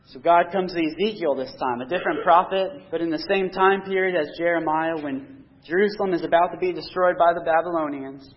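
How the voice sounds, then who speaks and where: Briskly and in a fairly high voice, a man preaches a sermon, reading scripture aloud and earnestly explaining it, pressing harder on key points. The recording is dull and lo-fi.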